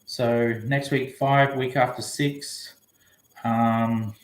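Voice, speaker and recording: A man chatting casually on a live stream, rambling and reading viewers' comments aloud. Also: medium pitch. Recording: echoey room.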